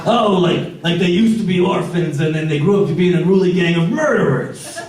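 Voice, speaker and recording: A man's voice: sits high, lively intonation, noisy background. A man voicing an eager, naive new pirate recruit on his first day aboard ship. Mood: curious. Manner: keen, chipper, asks rapid questions. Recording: echoey club, distant mic.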